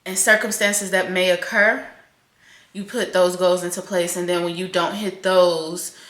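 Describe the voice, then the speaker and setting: A young woman venting candidly to camera in a home vlog, swearing freely and swinging between loud outbursts and soft, quiet admissions. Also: fairly low pitch, level tone, unhurried. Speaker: vlogger. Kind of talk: raw confessional venting to camera. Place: home kitchen, in doors. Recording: echoey room.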